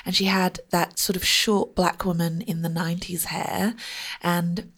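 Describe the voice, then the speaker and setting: A woman hosting a podcast, chatting thoughtfully and agreeing with her guest in a relaxed conversational interview. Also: fairly low pitch, measured pace. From grew up in a village with black families, grandma from abroad. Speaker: podcast host.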